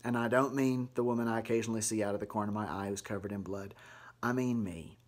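A man playing a sugary, middle-aged mom vlogger, chatting to camera in a folksy, chirpy way with offhand dark asides. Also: fairly low pitch, steady tone, fast talker, close to an everyday voice. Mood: chatty. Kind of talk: comedic vlog monologue to camera.

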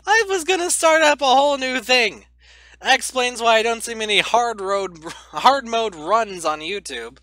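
A man hosts a gaming video, joking and giggling as he talks back to the screen. His voice swings widely in pitch and has a bright tone. Faint game music plays underneath. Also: animated, slow, no echo. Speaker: gaming channel host. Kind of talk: let's play commentary.

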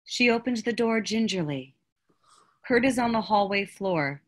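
A woman calmly reads out stage directions between the scenes, her voice at an ordinary middle pitch. The delivery is plain and measured. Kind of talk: scripted narration.

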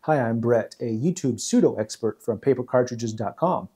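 A man hosting a history video, explaining in a relaxed, measured way with frequent pauses. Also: medium pitch, slightly rough. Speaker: host.

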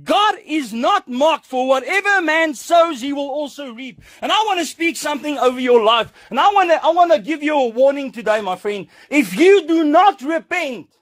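Fiery high-voiced preacher. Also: male voice, lively intonation, normal speed, hardly any pauses, fairly bright tone. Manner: fiery, stern and repetitive. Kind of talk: angry video sermon.

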